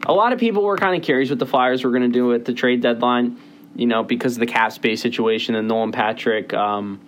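A young man hosting a casual sports podcast, rambling with many fillers and quick bursts of speech. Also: medium pitch. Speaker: podcast host.

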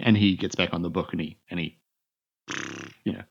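A man's voice: low voice, fairly even intonation, fairly quick, pauses often, husky, dull audio. A man narrating as game master in a rambling way, with many restarts and fillers.

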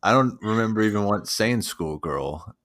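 A man in his thirties co-hosting a podcast, in a casual chat full of deadpan jokes, often saying "dude". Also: fairly low pitch, normal speed. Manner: deadpan joking, peppers talk with "dude". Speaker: podcast co-host.

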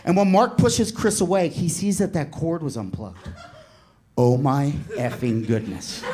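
High-voiced comic guy telling a story, all over the place, noisy recording. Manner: animated, swinging from low asides to shouts. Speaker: stand-up comedian. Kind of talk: stand-up storytelling.

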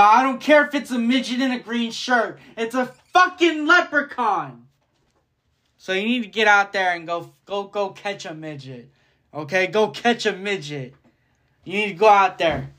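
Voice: mid-range voice, fairly bright tone. A podcast host delivering a casual solo rant, profane and rambling, jumping between thoughts.

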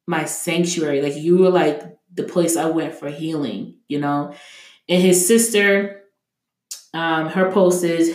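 A woman's voice: sits low, fairly even intonation, measured pace, darkish tone. Emphatic young woman, echoey room. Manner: emphatic, heated, many "like" fillers. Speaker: podcast co-host. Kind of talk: casual podcast chat.

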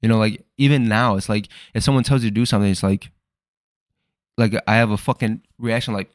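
Man, young adult, low voice, dry close sound, casual rambling podcast monologue, profane, self-deprecating. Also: steady tone, fairly quick, no echo. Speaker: podcast host.

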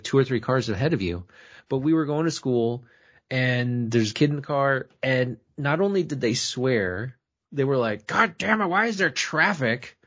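A man co-hosting a podcast, telling stories in casual chat with animated delivery. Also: mid-range voice, lo-fi sound. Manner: animated storytelling, laughs often. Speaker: podcast co-host.

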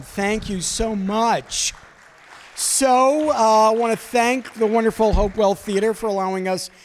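A comedian from Brooklyn, New York, hosting a storytelling show, with a conversational, filler-heavy delivery. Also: male voice, sits high, long reverb tail, a little hiss or hum. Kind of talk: live stand-up storytelling. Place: theater stage before a live audience.

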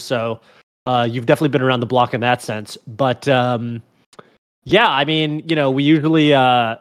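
A man co-hosting a gaming podcast in casual chat, rambling with many fillers and restarts. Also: mid-range voice. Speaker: podcast co-host.

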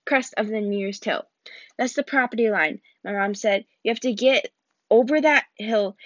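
A woman's voice: a little high, dry recording. A woman reading a novel aloud and voicing its characters, with frequent restarts and slips as she reads. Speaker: reader. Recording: dull lo-fi recording.

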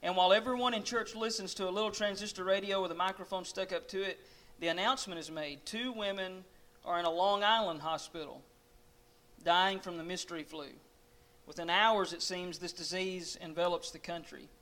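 A man's voice: sits high, steady tone, brisk, pushed and bright. A man preaching, telling a dramatic story in the second person to his listeners. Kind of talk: sermon storytelling.

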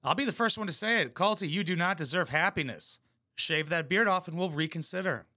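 A man's voice: a little high, lively intonation, fairly quick, bright, forceful tone, soft background music. A man giving crude, mocking, blunt commentary while reacting to a reality show. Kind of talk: casual profane commentary.

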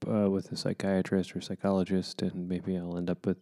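Man, very low voice, monotone, mellow dark tone, halting and soft, drained. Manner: soft-spoken, halting, with many pauses and restarts. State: emotionally drained. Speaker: co-host. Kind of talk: candid personal conversation.

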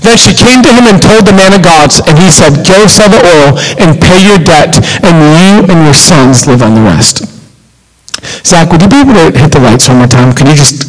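A man's voice: on the high side, animated, normal speed, poor audio. A man preaching as a youth pastor at a church youth service. He speaks earnestly and straight to the teens, repeating his phrases for emphasis. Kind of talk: sermon. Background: worship keyboard pad.

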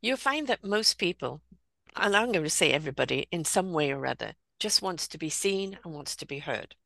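Casting note: woman host, lowish voice, dry close sound, reflective. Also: lively intonation, a little fast, vocal fry, a bit bright, dry recording. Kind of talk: casual interview.

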